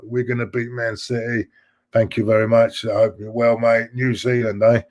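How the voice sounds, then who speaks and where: A middle-aged man running a fan live stream reads viewer messages aloud, rambling and going over the same points. His medium-pitched voice is a little mellow, shows little pitch movement, and keeps a normal speed.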